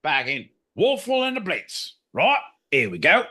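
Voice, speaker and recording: A man putting on a loud, swearing mock-Cockney bloke on a comedy podcast. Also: on the high side, huge pitch swings, a little slow, pitched above the performer's own voice, heavily acted. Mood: rowdy. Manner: sweary, boisterous.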